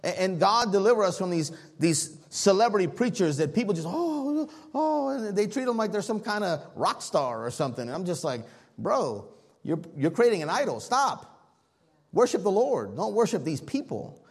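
A man preaching a sermon as pastor, telling a story in an animated way while the congregation answers back. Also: high voice, fairly quick, few pauses.

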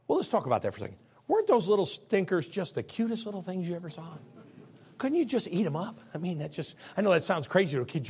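A man in his fifties or so, preaching a sermon, grandfatherly and animated, swinging between soft, drawn-out lines and near-shouting. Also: fairly high pitch, husky. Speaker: pastor.

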